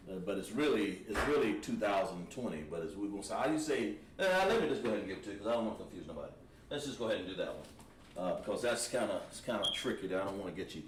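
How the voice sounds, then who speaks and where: A man teaching a language class, thinking aloud and pausing while he writes on a board. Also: lowish voice. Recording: echoey room, mic at a distance, faint noise.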